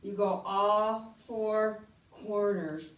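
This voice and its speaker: Slow-talking woman instructor, a bit winded. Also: medium pitch, recorded from a distance. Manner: slow, instructive, counting out moves. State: getting winded. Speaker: fitness instructor. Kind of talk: exercise demonstration. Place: room while exercising. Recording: echoey room, away from the mic.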